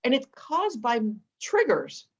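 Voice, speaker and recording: Woman telling animated, persuasive stories. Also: sits high, slow, highs cut off. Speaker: guest entrepreneur. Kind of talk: interview storytelling.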